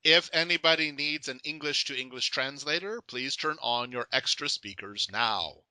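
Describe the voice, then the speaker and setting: A man's voice: mid-range voice, moderate pace, bright, forceful tone, smooth, no echo. A young man hosting a casual interview, joking and laughing often. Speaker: podcast host.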